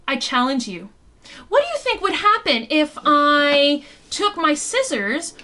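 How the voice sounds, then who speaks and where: Brief: young woman science educator, playful kids' lesson, high and very animated, unhurried. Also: slight background noise. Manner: playful, encouraging, asks the viewer questions. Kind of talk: online science lesson for children.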